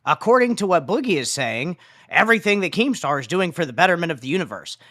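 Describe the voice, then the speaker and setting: Lively, bright-voiced blunt man. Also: high-pitched, fast talker. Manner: blunt, profane. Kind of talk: livestream talk.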